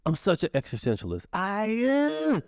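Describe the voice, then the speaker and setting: A man talking loosely on a podcast in a mid-pitched voice. He is animated and swears often, now and then acting out the voices in his head. The sound is dry and close. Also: moderate pace, smooth, dry recording. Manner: animated, swears freely, acts out inner voices. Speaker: podcast host. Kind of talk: casual chat.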